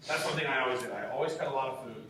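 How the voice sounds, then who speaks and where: A young man, a sales trainer, giving an enthusiastic, high-energy motivational talk to a room of sales reps. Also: rapid-fire, sharp tone. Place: meeting room. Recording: echoey room from far off, faint noise.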